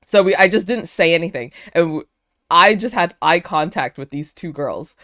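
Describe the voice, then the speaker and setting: A woman's voice: lowish voice, animated, normal speed, a bit bright, dry recording. A young woman streamer telling a casual story to her chat, chatty, with lots of fillers. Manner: chatty, many fillers, bursts of laughter.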